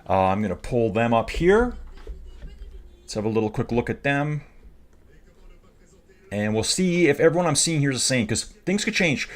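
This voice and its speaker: A man hosting a live stream, talking casually with rambling, jokey asides. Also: mid-range voice. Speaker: cycling stream host.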